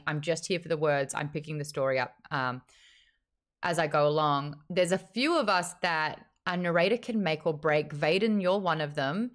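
Woman, host, casual livestream book chat, chatty, animated. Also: low voice. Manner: chatty, animated, reads chat messages aloud.

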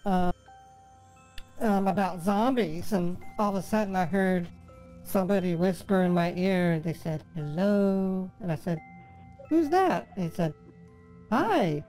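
A man's voice: high voice, animated, unhurried, warm tone. A fragile, sweet-talking woman, put on by a man with a slightly raised voice. She rambles on about her troubles and breaks down into sobbing. Music plays faintly behind her. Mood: chatty, sweet. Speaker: scambaiter.

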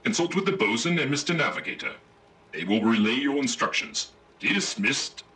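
An actor playing a pompous, old-fashioned robot ship captain who barks formal naval orders, in a video game. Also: male voice, big pitch swings, normal speed, crowd noise, close to an everyday voice. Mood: commanding. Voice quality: booming formal naval diction.

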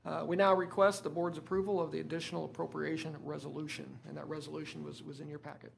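A man's voice: a little high, flat delivery, quick pace, creaky, slight background noise. A man, a school superintendent who says he is losing his voice, presenting items at a school board meeting with many filler words and restarts. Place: meeting room.

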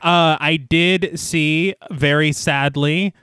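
A man's voice: fairly high pitch, fairly even intonation, bright, forceful tone, clear, resonant tone, no room sound, clean studio sound. A man co-hosting a podcast, giving casual opinions about a film and laughing as he talks. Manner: laughs while making points, then slows down to weigh them. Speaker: podcast co-host. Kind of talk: casual chat.

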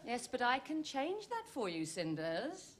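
A woman's voice: fairly high pitch, huge pitch swings, measured pace, crowd noise, background noise. A woman performing a broad pantomime sketch on an old television game show, with a theatrical, sing-song delivery. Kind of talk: broad pantomime comedy acting.

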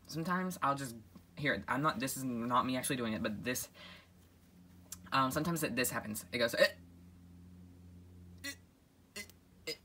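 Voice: medium pitch, pushed and bright, slight background noise, lightly acted. A performer voicing a crude, goofy young man who rambles bluntly with lots of ums and likes in a homemade comedy skit. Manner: rambling, halting, full of um and like. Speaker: sketch character.

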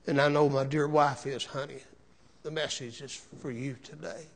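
A man preaching a sermon as pastor, slow and emotional, with rising shouted cries and repeated words. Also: medium pitch, steady tone. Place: church sanctuary.

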